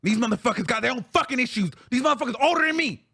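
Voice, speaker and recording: A man's voice: very high voice, animated, rapid-fire, sharp tone, breathy edge. A male show host in a heated, profane reaction rant, venting with repeated phrases.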